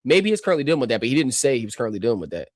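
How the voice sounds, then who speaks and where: A man's voice: mid-range voice, very animated, very fast, dry recording, studio quality. A man streaming a reaction to a clip, ranting in a combative, mocking way.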